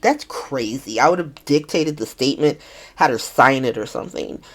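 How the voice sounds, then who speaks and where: Low-voiced, animated woman host. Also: moderate pace, slightly rough. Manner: profane, slangy, animated retelling. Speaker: soap opera recap host. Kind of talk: casual recap monologue.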